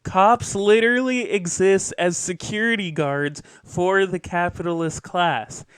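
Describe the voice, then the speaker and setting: A man's voice: high voice, unhurried, fairly bright tone, smooth, dry recording. A man hosting a show, giving an earnest political commentary monologue, lecturing with asides and self-corrections. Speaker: podcast host.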